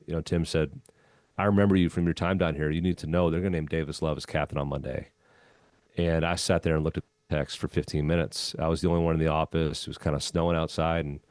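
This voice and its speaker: Low-voiced man telling a story. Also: no room sound. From Minnesota. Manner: relaxed anecdotal storytelling with frequent "um" and "you know". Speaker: podcast guest, former golf club head pro. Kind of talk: storytelling in a conversational interview.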